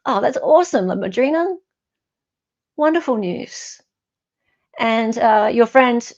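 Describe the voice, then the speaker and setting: A woman's voice: a little high, animated, takes it slowly, long pauses, darkish tone. Aussie woman chatting on a stream, reading out comments, wry and chatty, a bit dull and lo-fi. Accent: Australian. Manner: chatty, wry, self-correcting asides. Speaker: online commentator. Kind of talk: casual livestream, reading viewer comments.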